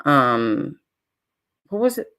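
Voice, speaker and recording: A woman's voice: extremely low pitch, big pitch swings, slow pace, fairly bright tone, a little hiss or hum. A woman from California, co-hosting a live stream, telling a rambling story in casual chat with laughs and swearing. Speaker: co-host of a live trivia stream. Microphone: streaming call mic.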